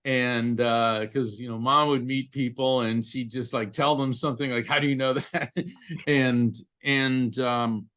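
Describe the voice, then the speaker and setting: A man with a middle-pitched voice talks through a personal story on a podcast. He stops often and repeats his words, and his telling stays heartfelt. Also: fairly even intonation, slow pace, a bit bright. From United States. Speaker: psychic medium and attorney, podcast guest.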